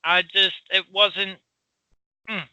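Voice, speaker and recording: A man from Philadelphia with a Philly accent, co-hosting a casual chat, loud and rambling with frequent laughs. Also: high-pitched, flat delivery, takes it slowly, clean tone, no room sound, low-quality recording. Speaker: podcast co-host.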